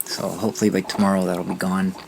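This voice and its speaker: This Southern Ontario man speaks fast in a deep, creaky, flat voice. Riding his mobility scooter, he rambles through a relaxed vlog tale, restarting often, while heavy background ambience runs underneath.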